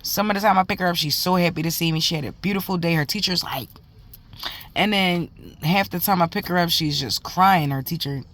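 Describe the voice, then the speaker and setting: A woman's voice: on the low side, a little fast, fairly bright tone. A mother telling a story to camera in a casual, heated and profane way, talking in emphatic run-on bursts.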